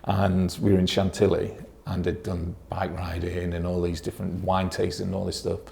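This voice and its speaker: A man's voice: deep voice, completely flat delivery, normal speed, vocal fry, dark tone. A man from the events trade, a podcast guest telling self-deprecating stories in a casual way. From England. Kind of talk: casual conversation, anecdotes. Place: small meeting room at a resort.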